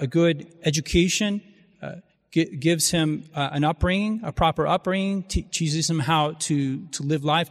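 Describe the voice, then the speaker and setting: A man delivers a sermon in a somewhat high voice, halting often and repeating words as he feels for his phrasing. His voice rings with the long reverb of a large church.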